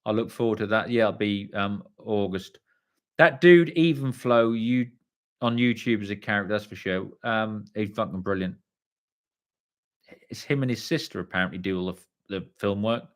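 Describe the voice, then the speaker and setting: A man's voice: lowish voice, fairly even intonation, normal speed. A middle-aged man hosting a live stream, reading viewer comments in a casual, rambling way and swearing freely. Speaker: livestream host.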